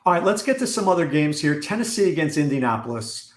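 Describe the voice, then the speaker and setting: A man hosting a fantasy football talk, asking pointed questions in a quick, wry way. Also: on the high side, sing-song. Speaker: fantasy football podcast host. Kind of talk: casual analytical chat. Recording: echoey room.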